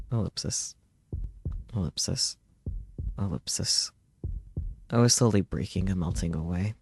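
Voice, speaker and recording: A man's voice: sits low, unhurried, gravelly, long pauses, breathy edge. A man streamer reading a visual novel aloud in a dramatic, brooding narration.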